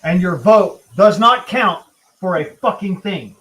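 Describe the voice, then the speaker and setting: A man's voice: high voice, animated, a little slow, fairly bright tone. A man hosting a livestream, delivering a heated, profane political rant while he is angry and worked up. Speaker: livestream host.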